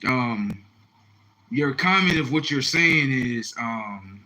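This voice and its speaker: A young man on a live stream, reacting to viewer comments in a confrontational, repetitive rant with loud outbursts. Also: mid-range voice, lively intonation, takes it slowly, low-quality recording. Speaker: livestreamer.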